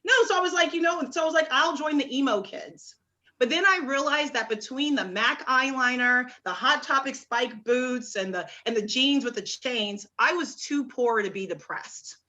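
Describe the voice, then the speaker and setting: A young woman from Oklahoma performing a stand-up comedy set on a club stage, with a halting delivery full of restarts and dry punchlines. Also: sits high, pushed and bright.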